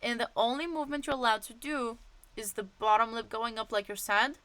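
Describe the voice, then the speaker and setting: A woman's voice: a little high, a little fast, fairly bright tone, dry recording. A woman voice teacher explaining vocal exercises in a casual, demonstrative way with frequent fillers.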